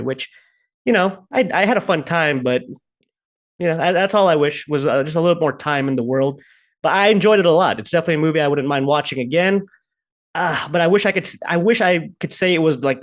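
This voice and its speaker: An easygoing man who laughs often, hosting a casual movie review chat with friends. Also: a little high. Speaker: podcast host.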